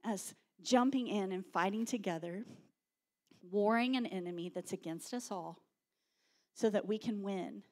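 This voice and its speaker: A woman pastor, preaching a sermon with animated storytelling and shouted quotes. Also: mid-range voice, a little slow.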